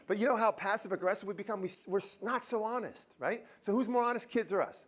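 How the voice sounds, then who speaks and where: In a university auditorium, a man gives a live motivational talk, joking and quizzing the crowd in a lively way. His voice is high-pitched and he speaks fast.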